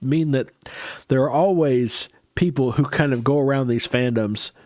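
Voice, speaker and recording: A man's voice: mid-range voice, moderate pace, a little mellow, no echo, studio quality. A man with a head cold, tired and congested, hosting a music reaction livestream and answering viewer comments in casual chat.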